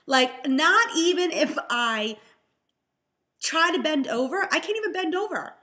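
A woman's voice: sits high, lively intonation, unhurried, pushed and bright. A young pregnant woman telling a story in a chatty, exasperated vlog style. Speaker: vlogger, health and fitness coach.

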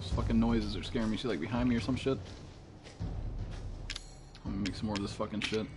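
A man streaming a horror game, panicking, yelling and swearing heavily as he plays. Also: on the low side, steady tone, quick pace, background noise. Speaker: gamer streamer. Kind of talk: horror game live commentary. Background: game music and sound effects.

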